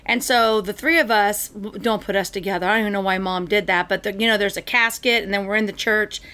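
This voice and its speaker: A woman's voice: mid-range voice, fairly even intonation, quick pace, pushed and bright, smooth. A middle-aged woman in casual chat, chatty and giggly, often restarting her sentences.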